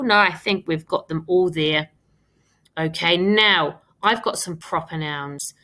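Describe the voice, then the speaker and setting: A woman's voice: on the low side, slow pace, sharp tone. A woman teaching a recorded primary school lesson, encouraging and stressing key words with frequent repetition. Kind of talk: recorded remote lesson for children.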